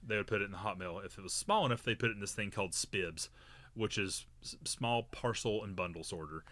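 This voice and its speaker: Bright-voiced man telling a story. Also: fairly low pitch, no room sound. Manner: rambling, with many fillers and restarts. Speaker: podcast co-host. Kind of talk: casual storytelling.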